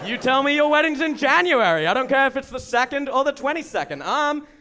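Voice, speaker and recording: High-voiced English stand-up comic. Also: male voice, sing-song, brisk. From England. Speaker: stand-up comedian. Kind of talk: stand-up comedy set. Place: comedy show venue. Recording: live set with loud crowd noise and laughter.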